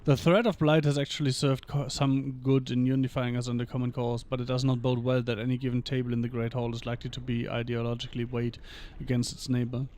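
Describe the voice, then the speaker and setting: A man streaming a video game, reading in-game lore texts aloud in an even manner and dropping dry short asides between passages. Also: mid-range voice, quick pace, few pauses.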